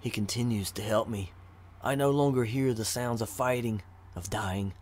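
A man's voice: mid-range voice, moderate pace, a little mellow, close to an everyday voice. A man voicing a gleeful, giggling old male necromancer locked in a prison cell, talking in a sly, gloating way.

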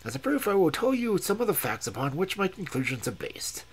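A man reading aloud and voicing a cold, commanding male detective in a measured, stern, precise way with a husky tone. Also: high-pitched, very animated, slight background noise, voice pushed up, low-quality recording.

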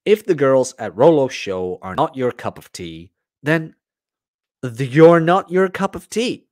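A man's voice: mid-range voice, big pitch swings, a little slow, darkish tone, no room sound, clean studio sound. A man hosting a podcast, talking in a casual, blunt and profane monologue. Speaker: podcast host.

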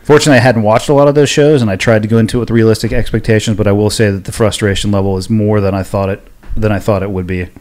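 A man's voice: on the low side, fairly even intonation, racing, hardly any pauses, a little mellow. A man hosting a casual podcast conversation, talking candidly and poking fun at himself. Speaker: podcast host.

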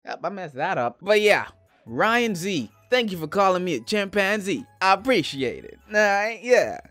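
Guy reading mean comments, sarcastic and deadpan, voice bounces a lot, dry sound. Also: sits high, moderate pace, no echo, soft background music. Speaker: YouTuber.

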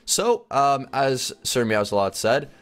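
Young male game commentator, chatty and lively, mid-pitched voice. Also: takes it slowly, loud music behind the voice. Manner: excitable, chatty, addresses viewers. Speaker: gaming video host.

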